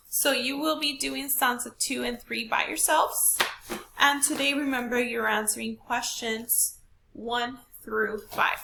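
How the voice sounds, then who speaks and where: A woman teacher walking students through a poem, explaining slowly and stressing words to demonstrate. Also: a little high, vocal fry, noisy background. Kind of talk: classroom lesson recorded for students.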